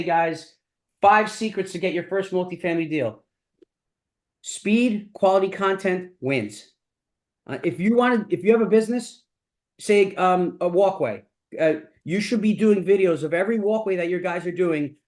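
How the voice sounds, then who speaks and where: A man's voice: sits high, a little mellow. A middle-aged man hosting a mastermind, giving a blunt, profane motivational talk that keeps returning to the same catchphrases. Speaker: mastermind host.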